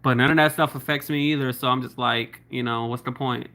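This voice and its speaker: A Southern man rambling through a livestream, his voice bright and forward. He talks loosely, full of likes, ums and laughing asides as he answers viewer comments. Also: mid-range voice, fairly even intonation, fairly quick. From South Florida. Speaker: YouTuber. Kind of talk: casual livestream chat reading viewer comments.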